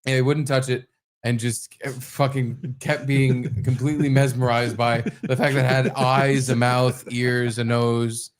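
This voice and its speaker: A man co-hosting a podcast, chatting casually and telling a story, swearing and acting out quotes in high voices. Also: little pitch movement, unhurried. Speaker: podcast co-host. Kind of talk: casual chat.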